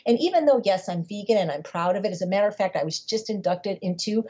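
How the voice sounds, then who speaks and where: A woman's voice: mid-range voice, animated, fast, dark tone, husky. A woman speaking as a podcast guest, telling her story in an emphatic, conversational way and often repeating words as she builds a point. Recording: dull lo-fi podcast audio.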